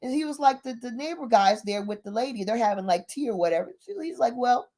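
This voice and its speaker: Animated high-voiced woman telling a story. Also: fast. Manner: animated, chatty with fillers. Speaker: speaker. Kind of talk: casual storytelling.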